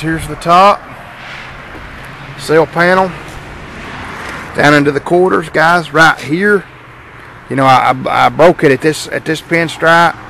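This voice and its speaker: A man's voice: on the high side, a bit bright, a little hiss or hum. A young man casually showing off his repainted car outdoors, rambling with fillers and restarts. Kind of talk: casual walkaround vlog.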